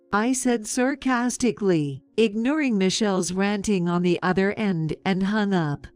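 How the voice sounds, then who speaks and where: A woman in her fifties narrating a story in a calm, measured, sarcastic way. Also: mid-range voice, smooth, no room sound, soft background music.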